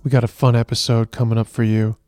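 A man's voice: mid-range voice, level tone, fast talker, a little mellow, faint music behind. An Irish man co-hosting a podcast in casual chat, talking in loose, restarting phrases. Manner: chatty, restarts phrases often. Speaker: podcast co-host. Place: moving car. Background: traffic and train noise.

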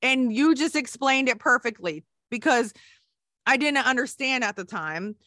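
A woman's voice: high-pitched, animated, unhurried, sharp tone, no room sound, clean studio sound. A middle-aged woman, a nurse, telling her story candidly in an emotional, rambling way with many restarts. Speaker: guest, nurse.

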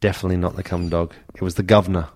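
Man, low voice, ex-footballer spinning yarns on a podcast. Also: little pitch movement, racing, a little mellow. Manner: anecdotal, acts out quotes with raised voice. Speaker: former footballer, podcast co-host. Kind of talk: casual storytelling chat.

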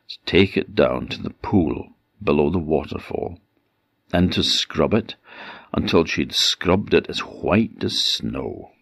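A male storyteller from the Orkney Islands, telling an old folk tale in a very deep, gravelly voice. He speaks slowly and expressively, repeating words for effect, recorded close and dry. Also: dry recording. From Orkney Islands, Scotland. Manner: unhurried, expressive, with repetition for effect.

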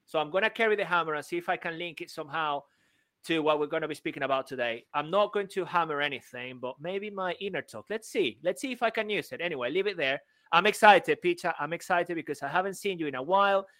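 A man co-hosting a podcast in casual, playful banter, joking around with bursts of loud excitement, recorded over a remote call. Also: fairly high pitch, quick pace, no room sound. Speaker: podcast co-host.

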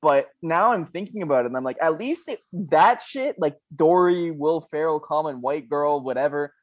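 A man's voice: on the high side, lively intonation, moderate pace, no echo. A young man co-hosting a podcast, chatting casually with a rambling, laughing, swearing manner. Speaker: podcast co-host. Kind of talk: casual chat.

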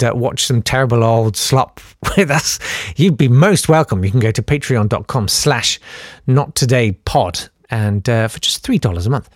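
A man hosting a casual podcast, animated and sardonic, often jumping into high mocking voices. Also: no room sound, clean studio sound. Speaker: podcast host. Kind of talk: casual solo podcast chat.

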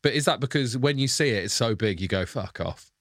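A man's voice: mid-range voice, expressive, a little fast, dry recording, studio quality. A man co-hosting a podcast who asks wry, probing questions in casual chat. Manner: wry questioning, dwells on phrases. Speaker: podcast co-host.

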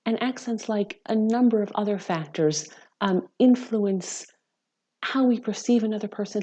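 Woman, low voice, mellow tone, measured academic explanation, podcast guest. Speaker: psychology lecturer, podcast guest.

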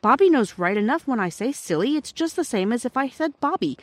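A woman's voice: mid-range voice, lively intonation, normal speed, dry recording, studio quality, lightly acted. A woman reading the part of an earnest, slightly bossy young boy, speaking in a lifted, eager way. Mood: explaining.

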